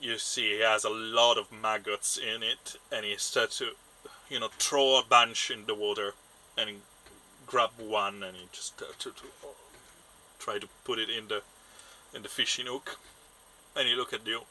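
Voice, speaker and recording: Bright-voiced man narrating as game master. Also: fairly low pitch, little pitch movement, poor audio. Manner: halting narration with restarts and loose grammar.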